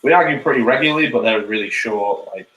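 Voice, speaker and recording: A man's voice: medium pitch, fast, bright, forceful tone, roomy sound, recorded from a distance, poor audio. A man co-hosting a podcast, trading dry, teasing banter in casual chat. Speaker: podcast co-host.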